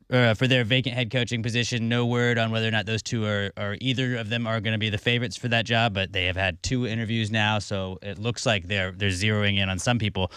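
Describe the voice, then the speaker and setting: A man, reading a brisk sports update on radio. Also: medium pitch, a bit bright, smooth, no echo, clean studio sound. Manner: brisk, reads scores. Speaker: sports reporter. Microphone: studio microphone.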